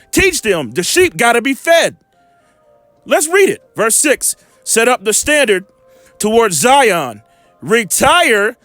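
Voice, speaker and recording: A man delivers a loose, rambling bible lesson in a high, animated voice that rises and falls a lot. He keeps checking in with his listeners and drops in salty asides. The sound is dry, with faint music underneath. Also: no room sound. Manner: rambling, checks in with 'all right?', blunt profane asides. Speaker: bible teacher. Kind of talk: informal scripture teaching and commentary.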